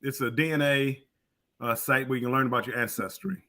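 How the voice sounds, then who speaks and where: An older man co-hosts a casual live-stream chat. His voice is very bright and sharp, and he stammers and restarts while he works his way through a story. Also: mid-range voice, brisk. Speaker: co-host.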